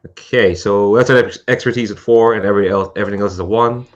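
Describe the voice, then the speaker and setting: A man's voice: on the low side, steady tone, quick pace, muffled recording. A man playing in a tabletop game, describing his character's moves hesitantly while thinking aloud. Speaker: player.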